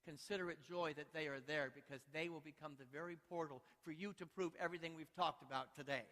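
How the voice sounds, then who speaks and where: A male pastor preaching a sermon, playful and exhorting, telling lively stories in a church sanctuary. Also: a little high, fast. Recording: long church hall reverb.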